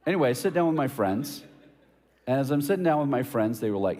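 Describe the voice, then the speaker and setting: A man's voice: mid-range voice, expressive, fast, warm tone, in a large hall. A man preaching a sermon as a pastor, telling casual stories with jokes and asking emphatic questions. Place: church hall.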